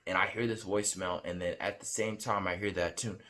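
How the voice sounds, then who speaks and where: A man vlogging as he recounts a dream, talking in a rambling, excitable way with many fillers and restarts. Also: deep voice, a little fast, hardly any pauses. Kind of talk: casual storytelling to camera.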